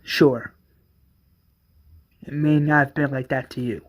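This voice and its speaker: A man's voice: medium pitch, fairly even intonation, slow, natural voice. A man voicing a grown sister who pleads with her brother and turns to heated accusation in a fan retelling. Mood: pleading. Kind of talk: fan retelling with voiced characters.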